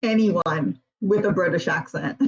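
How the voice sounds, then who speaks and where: A woman's voice: fairly low pitch, unhurried, husky, dull audio. A woman guest answering interview questions casually, rambling with many fillers and restarts and laughing often.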